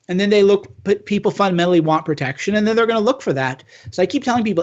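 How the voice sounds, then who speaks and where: High-voiced man on a dull, muffled line. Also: quick pace. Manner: earnest, urging, stumbles and restarts. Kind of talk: casual conversation. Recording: dull lo-fi sound.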